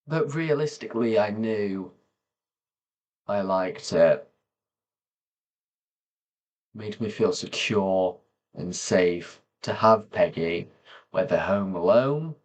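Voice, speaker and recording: A man talking slowly and softly to camera, pausing often as he reflects on personal memories. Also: lowish voice. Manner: slow, soft-spoken, pausing often. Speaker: vlogger.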